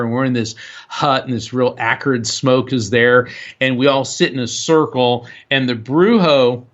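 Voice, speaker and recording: A man being interviewed as a guest author, telling an animated anecdote that is full of fillers and restarts. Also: medium pitch, lo-fi sound. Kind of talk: storytelling interview.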